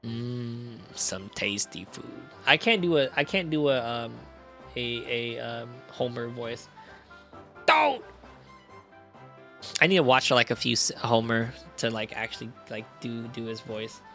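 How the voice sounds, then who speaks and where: A man's voice: mid-range voice, steady tone, moderate pace, sharp tone, soft background music. A man streaming a game, making joking, self-mocking asides while reading its dialogue aloud. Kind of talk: casual game stream commentary.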